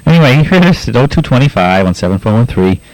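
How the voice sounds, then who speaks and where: A man's voice: medium pitch, sing-song, a little mellow, rough recording. A man with a Boston accent hosting a pirate radio show, casually reading listener letters with lots of laughs and uhs. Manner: laughs often, halting with many uhs.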